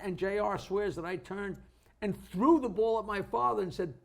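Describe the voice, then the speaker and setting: A man's voice: high voice, lively intonation, normal speed, vocal fry, bright, forceful tone. An older man, a comedian co-hosting a podcast and telling rambling stories with a laugh. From Long Island, New York. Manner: rambling storyteller, laughs through his stories. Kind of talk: casual chat.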